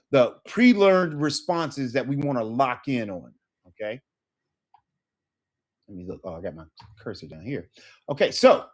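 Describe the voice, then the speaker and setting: Lively man teaching Spanish online. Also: medium pitch. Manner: lively, repeats phrases with rising emphasis. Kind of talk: online language lesson.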